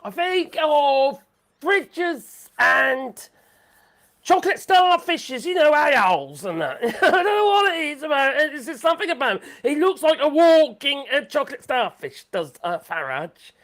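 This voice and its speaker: A woman rambling through a live-stream chat, her fairly high voice swinging widely up and down. She gets excited easily, swears freely and breaks into laughter often. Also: normal speed, hardly any pauses.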